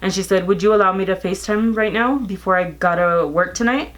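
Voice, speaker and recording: A woman in her thirties, a vlogger, retelling a family dispute in casual storytime chat, animated and exasperated, quoting texts aloud. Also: medium pitch, a little fast. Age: 30s.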